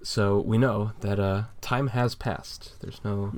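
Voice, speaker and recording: A man's voice: fairly low pitch, fairly even intonation, slow, slight background noise. A young man co-hosting a podcast, chatting casually and rambling through a story with many fillers and laughs. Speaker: podcast co-host. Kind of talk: casual chat reading a fan comic aloud.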